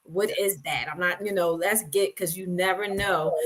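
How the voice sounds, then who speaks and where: A woman's voice: fairly low pitch, steady tone, normal speed. A woman guest panelist who talks in an effusive, thankful way. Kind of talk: casual chat.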